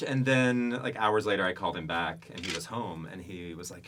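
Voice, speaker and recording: A man in his thirties, a podcast guest telling candid personal stories in casual chat, sometimes dropping to a hushed whisper. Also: deep voice, fairly even intonation, brisk, hardly any pauses, slight background noise.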